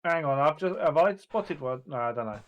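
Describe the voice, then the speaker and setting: A man's voice: on the high side, lively intonation, brisk, lo-fi sound. A man chatting casually and joking with a friend, laughing often. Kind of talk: casual chat.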